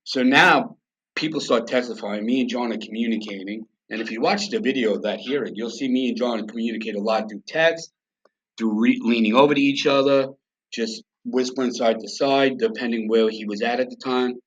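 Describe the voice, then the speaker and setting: A man's voice: medium pitch, moderate pace, husky. A man from the United States, a guest on a podcast, telling his story bluntly and with swearing. He acts out both sides of remembered conversations in a mid-range voice. The audio is slightly dull and lo-fi. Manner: blunt, profane, acts out quoted dialogue.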